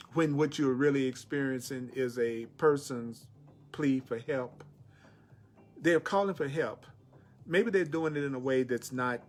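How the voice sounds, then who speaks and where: A middle-aged man giving a spiritual teaching talk, repeating key phrases with emphasis. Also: medium pitch. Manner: repetitive, emphatic, pleading voice for quotes.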